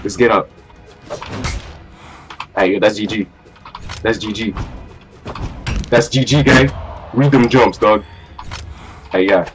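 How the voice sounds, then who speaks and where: A man's voice: fairly low pitch, takes it slowly, long pauses. A young man giving live commentary while playing a ranked fighting game, swearing, trash-talking and repeating his phrases. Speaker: gamer. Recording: faint game music behind.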